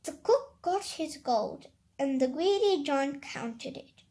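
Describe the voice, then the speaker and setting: A child reading a picture book aloud, slowly and carefully, stopping to describe the pictures. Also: high-pitched, animated, a little mellow. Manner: slow careful reading, halting comments. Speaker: story reader.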